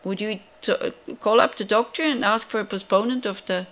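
A woman's voice: medium pitch, a little fast, fairly bright tone. Woman teaching a Buddhist class. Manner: conversational, rhetorical questions, many fillers.

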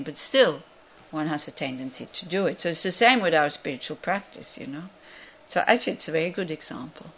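A woman's voice: medium pitch, fairly bright tone. Woman teaching a Buddhist class. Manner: conversational, rhetorical questions, many fillers.

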